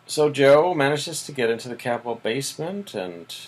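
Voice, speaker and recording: A man's voice: mid-range voice, moderate pace, rough recording. A man co-hosting a podcast, casually recapping TV episodes and filling in with "mm-hmm". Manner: relaxed, plot-summarizing, frequent "mm-hmm" and "so". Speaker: podcast co-host.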